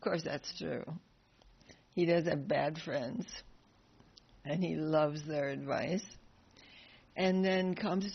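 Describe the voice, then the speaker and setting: Slow-spoken woman telling a sacred story. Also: sits low, creaky, breathy edge, highs cut off. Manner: animated, laughing retelling with acted voices. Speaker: spiritual class teacher. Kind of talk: devotional class storytelling.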